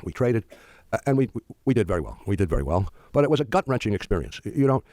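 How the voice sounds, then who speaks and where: An older man, the founder of a firm, tells halting, rambling stories to an audience, full of restarts and dry humor. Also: on the low side, very animated, mellow, no echo. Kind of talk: storytelling talk to an audience.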